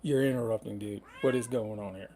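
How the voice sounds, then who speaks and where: A man's voice: lowish voice, steady tone, fairly quick, background noise. A middle-aged man hosting a casual livestream, rambling in a laid-back way with lots of fillers. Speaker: van-life livestream host.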